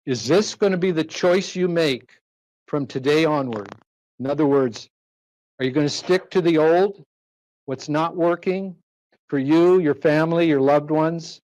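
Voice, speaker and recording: A man giving a persuasive live sales pitch to an audience in a presentation room, firing rhetorical questions at the crowd.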